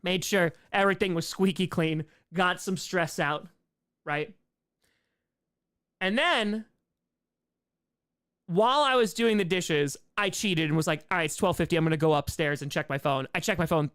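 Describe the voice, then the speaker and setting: Man, stream host, casual chat, smooth and resonant voice, rambling excitable storytelling. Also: a little high, moderate pace. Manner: rambling, excitable retelling with quoted asides.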